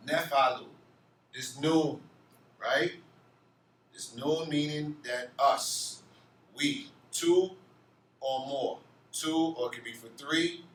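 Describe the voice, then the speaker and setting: A man's voice: a little high, slow, long pauses, fairly bright tone, distant mic, a little hiss or hum. A man teaching an Arabic grammar class, asking his students questions and answering them himself. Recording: echoey room, off-mic, faint ambience.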